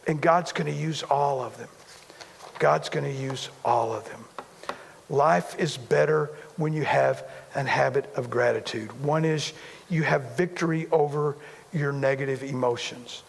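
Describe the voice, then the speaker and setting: A man's voice: mid-range voice, measured pace, creaky, big-room sound, a little hiss or hum. A man preaching a sermon as a pastor, talking conversationally, repeating himself and poking fun at himself. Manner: conversational, repetitive, self-deprecating humor.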